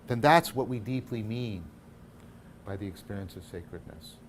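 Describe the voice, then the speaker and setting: A man's voice: fairly low pitch, normal speed, a little hiss or hum. Man lecturing, self-correcting and emphatic. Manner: thinks aloud with frequent self-corrections and "right?" tags; loudness swings widely between emphatic and hushed. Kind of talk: philosophy lecture.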